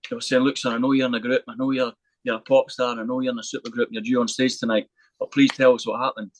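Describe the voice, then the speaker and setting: A fast-talking man spins a rough, swearing anecdote as a podcast guest, dropping into quoted voices as he goes. His voice sits at a middling pitch and is recorded dry and close, with no room sound. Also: level tone, dry recording, poor audio. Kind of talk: casual storytelling.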